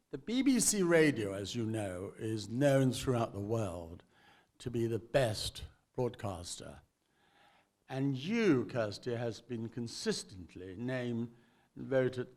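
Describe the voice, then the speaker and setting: A man hosting a stage interview, halting often with ums and restarts as he poses questions. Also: mid-range voice, sing-song, a little mellow. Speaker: interviewer, event host.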